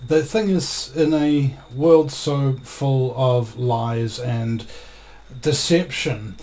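Mellow-voiced man from New Zealand. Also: medium pitch, extremely slow. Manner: hesitant, many fillers. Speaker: guest activist. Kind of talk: live stream interview.

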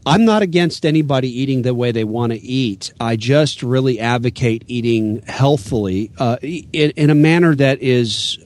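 A man's voice: mid-range voice, normal speed, hardly any pauses, a little mellow. A man from the United States, a guest author and radio host, explaining his views earnestly with many fillers and restarts. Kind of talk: casual interview talk.

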